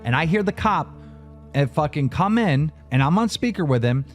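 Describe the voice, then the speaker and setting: A man recounts a tense phone call in a profane, emphatic way, his pitch sitting fairly high and leaping around with every point. Faint music plays beneath his voice. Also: lively intonation, normal speed. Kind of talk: heated storytelling on a talk show.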